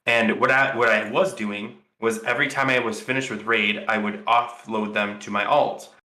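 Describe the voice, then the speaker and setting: Bright-voiced man rambling in an echoey room. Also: lowish voice, fairly even intonation, normal speed. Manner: rambling, thinks aloud with many fillers and restarts. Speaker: podcast co-host. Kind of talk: casual podcast chat.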